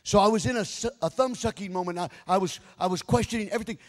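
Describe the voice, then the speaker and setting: A middle-aged man preaching a sermon as pastor, stammering into repeats and building to near-shouting fervor. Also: high voice, fast talker. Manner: repeats words when wound up, rises to near-shouting fervor. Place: large church. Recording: live sermon in reverberant hall with music.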